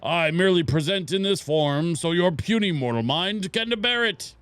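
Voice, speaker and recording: A man's voice: fairly high pitch, lively intonation, moderate pace, a bit bright, smooth, no room sound, pitched above the performer's own voice. A man voicing a grumpy ancient boggart guardian in the form of a cat, haughty and scolding, reading game dialogue aloud.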